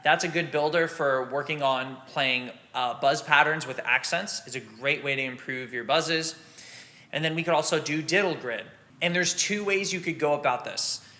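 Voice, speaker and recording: A man teaching drum rudiments in a relaxed, practical way, sometimes scatting the rhythms aloud. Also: fairly high pitch, normal speed. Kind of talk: instructional explanation.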